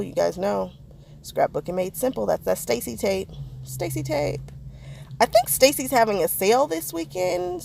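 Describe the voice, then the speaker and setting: A woman's voice: mid-range voice, creaky, darkish tone, a little hiss or hum. A woman chatting casually to her viewers as she narrates a craft project, poking fun at her own mistakes. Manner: chatty, self-deprecating, talks to viewers. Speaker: crafting vlogger.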